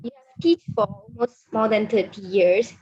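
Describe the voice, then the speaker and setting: A woman's voice: medium pitch, fairly even intonation, normal speed, darkish tone, breathy edge. A young woman student from Malaysia politely asking interview questions over a video call. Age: young adult. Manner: polite, addresses interviewee as madam. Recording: dull lo-fi call audio.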